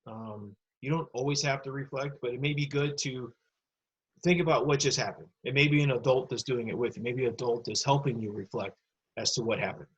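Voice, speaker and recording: A man with a slightly husky voice teaches a recorded lesson for students. His pitch sits in the middle for a man. He explains step by step and speaks straight to the kids into a computer mic. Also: a little fast, highs cut off. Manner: patient, explanatory, addresses kids directly.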